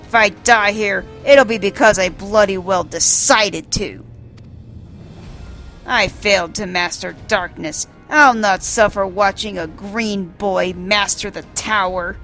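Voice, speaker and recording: A woman's voice: medium pitch, takes it slowly, a bit bright, soft background music. A woman reading the lines of a proud, bitter male sorcerer rival from a video game in a defiant, scornful tone.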